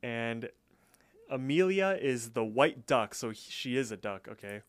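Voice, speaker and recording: A man co-hosting a podcast, casually recapping a cartoon episode with lots of fillers and quick voice impressions. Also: mid-range voice, animated, smooth, no echo, clean studio sound. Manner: loose, filler-heavy retelling with quick voice impressions. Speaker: podcast co-host.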